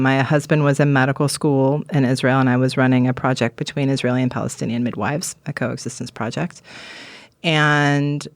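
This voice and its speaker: A woman's voice: rumbling low, clear, resonant tone, dry recording, clean studio sound. A woman guest telling long, candid stories in a rambling, frank way, swearing casually. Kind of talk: candid conversational storytelling.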